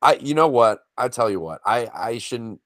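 A man's voice: mid-range voice, expressive, moderate pace, fairly bright tone, dry recording. A man co-hosting a sports betting podcast, talking in a rambling, emotional fan's way with frequent restarts. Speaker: podcast co-host. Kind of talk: casual sports betting chat.

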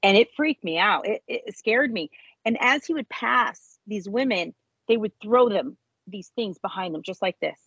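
A woman telling an emotional personal testimony as an interview guest, animated, her voice jumping high when she acts out moments. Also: moderate pace, slightly rough, no room sound, highs cut off. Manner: animated storyteller, voice jumps high when reenacting.

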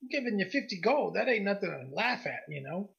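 A man voicing a gruff, blunt woman in her mid-thirties who trades weapons, in a gravelly voice. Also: high-pitched, sing-song, a little fast, fairly bright tone, full character voice. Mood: haggling. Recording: dull lo-fi recording.

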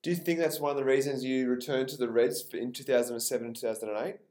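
A man's voice: mid-range voice, steady tone, fast talker, darkish tone. A man hosting an interview, asking short questions. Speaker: interviewer, host.

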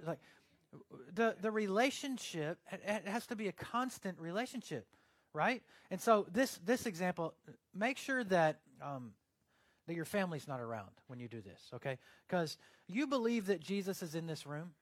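A man's voice: high-pitched, big pitch swings, normal speed, fairly bright tone, no room sound. A young man preaching a casual, joking sermon, acting out little scenes as he goes. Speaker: pastor.

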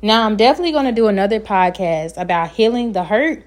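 A woman's voice: mid-range voice, expressive, quick pace. A woman hosting her own podcast, giving an earnest, encouraging self-help talk and sometimes stumbling over her words. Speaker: podcast host.

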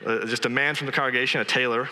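A man's voice: medium pitch, fairly even intonation, very fast, pushed and bright. A man preaching a sermon, pressing his points with emphatic, repeated exhortations. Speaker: pastor. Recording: long reverb of a large hall.

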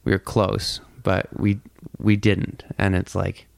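Gravelly low-voiced man telling a story. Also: completely flat delivery, slow, no room sound, clean studio sound. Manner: rambling, heavy on "like" fillers, swears freely. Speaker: podcast guest telling a story. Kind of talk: casual storytelling.

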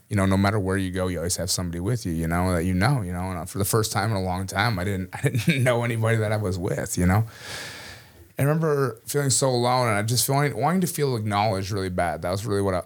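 A man from Minnesota, an army veteran, telling a personal story in a casual way, chuckling often and saying "you know" a lot. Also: low voice. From Minnesota, USA.

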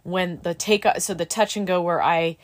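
A woman's voice: on the low side, fairly even intonation, moderate pace. A middle-aged woman and student pilot in casual chat, candid and emotional, with plenty of fillers like "like" and "dude.".

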